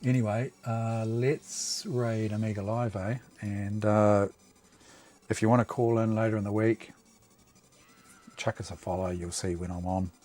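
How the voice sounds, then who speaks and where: A man's voice: lowish voice, steady tone, measured pace, mellow. A man with a New Zealand accent hosting a livestream, chatting to viewers in an easygoing, rambling way. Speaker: livestream host. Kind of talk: casual livestream chat.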